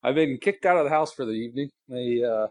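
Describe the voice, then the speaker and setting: A man's voice: medium pitch, quick pace, darkish tone, no room sound. A man co-hosting a casual podcast by phone from a car parked in his garage, rambling through self-deprecating stories and laughing often. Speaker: co-host.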